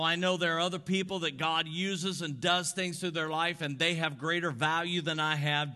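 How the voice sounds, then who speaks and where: A man preaching in a church with a notably high voice. He leads with strong emphasis and turns often to the congregation. The sound carries a long hall reverb. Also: pushed and bright. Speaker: pastor. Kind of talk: sermon. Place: church sanctuary.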